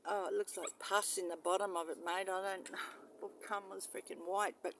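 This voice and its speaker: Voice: flat delivery, normal speed, a little hiss or hum. Agitated rambling vlogger outdoors. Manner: agitated, rambling and profane, swinging between loud outbursts and low muttering. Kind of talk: rambling handheld vlog monologue. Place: outdoors beside a parked van near mangroves.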